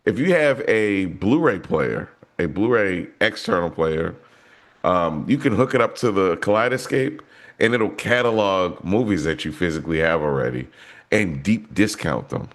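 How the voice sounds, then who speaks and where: A man with a fairly low voice chats on a movie podcast. He rambles through his story and often restarts his sentences. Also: animated, normal speed. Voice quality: rambling, many restarts and fillers. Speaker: podcast co-host. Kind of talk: casual movie podcast chat.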